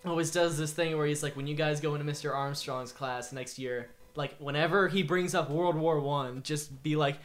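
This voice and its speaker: Giggly teenage boy, slightly high. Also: fairly even intonation, moderate pace, hardly any pauses. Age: teens. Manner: giggly, hesitant, many fillers. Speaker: podcast co-host. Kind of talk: casual chat.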